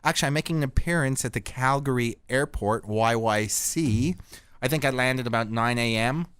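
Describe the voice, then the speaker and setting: A man's voice: mid-range voice, moderate pace, clean tone, no room sound, clean studio sound. Crude rambling Canadian man. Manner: rambling, crude, deadpan comic. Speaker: podcast host. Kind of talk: casual profane storytelling.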